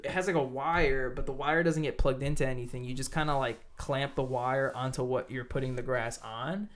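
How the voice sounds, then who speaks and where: A teacher co-hosting a podcast chats casually and rambles, with lots of fillers and swearing. His mid-range voice is fairly bright, with fairly even intonation and a slightly fast pace.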